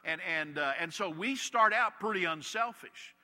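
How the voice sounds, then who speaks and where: A pastor with a high-sitting, sharp voice and lively intonation preaches a sermon at normal speed, using humorous anecdotes to make his point. The recording carries long hall reverb.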